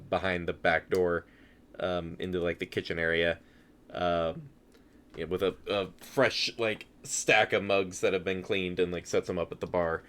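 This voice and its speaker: Man running a tabletop game, somewhat low voice, relaxed, laughs often, lots of ums. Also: clear, resonant tone. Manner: relaxed, chuckling, many fillers. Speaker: game master.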